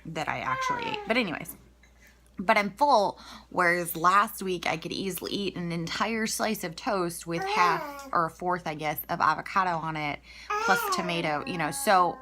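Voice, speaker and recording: A woman's voice: lowish voice, very animated, moderate pace, over a noisy crowd. A woman just out of bed, talking candidly in a rambling video diary with lots of fillers and restarts. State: just woken up. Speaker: vlogger.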